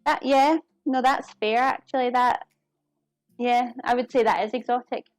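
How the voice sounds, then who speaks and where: Chatty woman, slightly high voice. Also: steady tone, normal speed, dry recording, soft background music. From United Kingdom. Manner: chatty, giggly, talks to viewers while working. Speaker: cooking streamer. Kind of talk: casual live-stream chat while cooking. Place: home kitchen.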